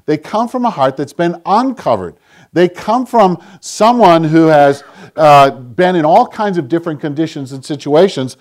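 An older man preaching a sermon, earnest, often dropping to a hushed voice when voicing prayer. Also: on the high side, expressive, normal speed. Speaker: pastor.

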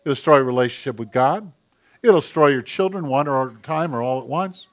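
A man preaching a sermon as a pastor, emphatic and direct, dropping into hushed tones when he voices other people. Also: medium pitch, expressive, brisk.

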